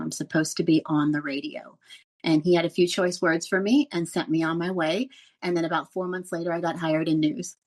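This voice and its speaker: A middle-aged woman, a former radio news reporter, telling stories in a casual interview and laughing often. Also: on the low side. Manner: animated storyteller who laughs often.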